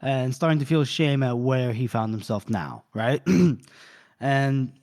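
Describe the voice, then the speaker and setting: A man's voice: mid-range voice, expressive, takes it slowly, a little mellow. A man co-hosting a book podcast, casually retelling a chapter and tossing off characters' lines as he goes. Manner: retells scenes loosely, voicing characters' lines in passing. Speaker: podcast co-host recapping a novel. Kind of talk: casual chat.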